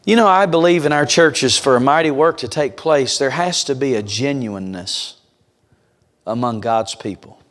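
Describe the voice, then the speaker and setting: A man's voice: medium pitch, moderate pace, fairly bright tone. A man preaching a revival sermon in a church. He speaks to the congregation directly and tells stories with emphasis. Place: church sanctuary. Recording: long church reverb.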